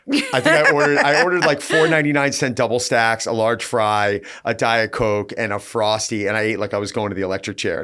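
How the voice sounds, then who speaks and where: A man's voice: medium pitch, fairly bright tone. A middle-aged man hosting a podcast, telling self-deprecating stories in a casual chat. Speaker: podcast host. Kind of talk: casual interview conversation.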